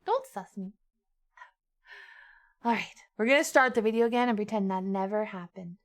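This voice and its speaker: A woman streamer chatting casually with her chat, dramatic and quick to swear. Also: medium pitch.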